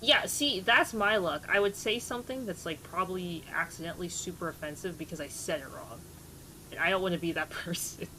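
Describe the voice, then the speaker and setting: Chatty woman streamer, lowish voice. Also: fairly quick, slight background noise. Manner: chatty, laughs at herself, greets chat warmly. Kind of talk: casual live-stream chat.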